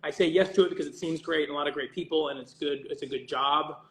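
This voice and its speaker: Man, fairly high voice, loose rambling livestream chat while signing for fans, joking swears, roomy echo. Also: steady tone, quick pace, a bit bright. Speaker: voice actor signing autographs for fans.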